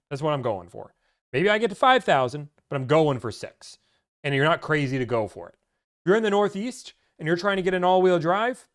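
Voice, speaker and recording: A man giving car-buying advice on a live stream, chatty and animated, cracking jokes as he talks. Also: a little high. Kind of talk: casual live-stream talk.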